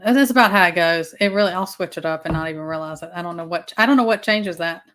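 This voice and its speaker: A woman with a Southern US accent hosts a casual livestream, speaking fast in a fairly low, somewhat bright voice. She rambles, using fillers and restarting sentences.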